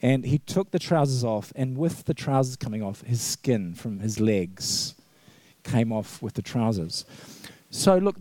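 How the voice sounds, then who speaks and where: A man's voice: fairly high pitch, mellow, no room sound. A middle-aged man, a vicar, preaching a conversational sermon full of anecdotes, laughing often and acting out the quotes. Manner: chatty storyteller, laughs often, acts out quotes. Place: church.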